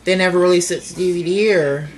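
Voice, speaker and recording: A woman in casual chat as a co-host, enthusiastic and quick to ask questions. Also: lowish voice, a little mellow, slight background noise.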